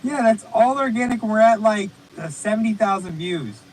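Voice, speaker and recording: A man's voice: high voice, expressive, normal speed, a little hiss or hum, low-quality recording. A man hosting a casual, profane online stream chat, talking loosely and rambling. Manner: loose, rambling, swears freely. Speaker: podcast host. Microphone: remote stream call.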